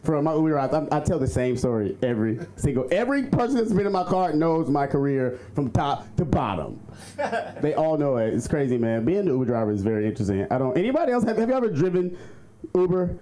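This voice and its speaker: High lively man doing stand-up. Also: fast. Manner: animated, jokey, laughing through lines. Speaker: stand-up comedian. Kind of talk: stand-up set at an open mic. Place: comedy club stage with live audience. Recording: noisy crowd in a club. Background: audience laughter.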